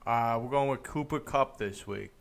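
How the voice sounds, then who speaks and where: A young man co-hosting a sports betting podcast, relaxed, reading out stats. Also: medium pitch, normal speed, vocal fry. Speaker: podcast co-host. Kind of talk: casual sports betting chat.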